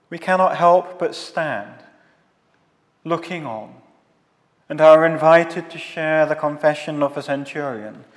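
Solemn man preaching in a reverberant hall. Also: on the high side. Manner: measured, solemn, rhetorical lists. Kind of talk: scripted theological sermon.

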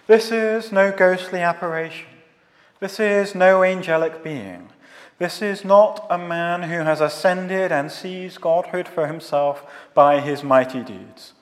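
Man, sermon, slow measured delivery, slightly high voice, long hall reverb. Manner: measured, solemn, rhetorical lists. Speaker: preacher. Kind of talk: scripted theological sermon.

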